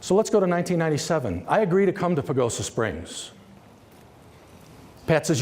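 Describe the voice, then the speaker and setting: Man, summit keynote speaker; animated, chatty storyteller; long hall reverb. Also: fairly high pitch, fairly quick. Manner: lively, conversational storyteller who acts out quoted dialogue. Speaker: company executive giving a summit presentation. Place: large conference hall.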